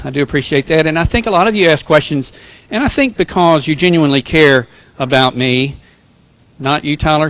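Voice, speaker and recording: A man's voice: a little high, no room sound. A male pastor giving a sermon, telling jokes and self-deprecating personal stories. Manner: joking, self-deprecating storyteller.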